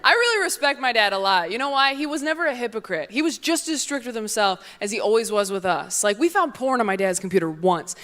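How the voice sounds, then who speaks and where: A young woman in her twenties performing a stand-up routine in a quick, deadpan way on a stage mic, with her voice jumping high for the lines she acts out. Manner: quick deadpan delivery, high-pitched voice for acted quotes. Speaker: stand-up comedian. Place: comedy stage before a live audience. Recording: noisy live room with audience.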